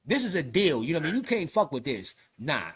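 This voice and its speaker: A man's voice: fairly high pitch, fast talker, very noisy. A man with a New York accent, hosting a podcast, telling a story in casual street slang with lots of swearing and acted-out quotes. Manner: animated, profane, street slang, acts out quotes. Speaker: podcast host.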